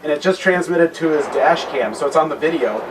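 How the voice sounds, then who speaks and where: A man tells a Bible story at a men's retreat in a casual, conversational way. He often restarts his phrases and drops his voice for the serious points. His fairly high voice is picked up by a distant mic over heavy background noise. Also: a little fast. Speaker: guest speaker at a men's retreat. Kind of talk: conference talk with Bible storytelling.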